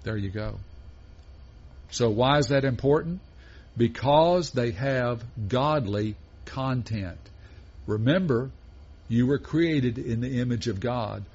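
A pastor preaches at a mid pitch, his voice husky, slightly breathy, and somewhat dark in tone. He moves through his points in a measured way, posing one rhetorical question after another to his listeners. The recording is dull and lo-fi.

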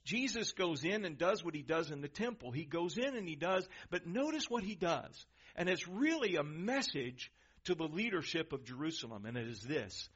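High-voiced man preaching a sermon. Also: expressive, brisk, fairly bright tone, breathy edge, muffled recording. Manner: emphatic, varies volume, asks the crowd questions.

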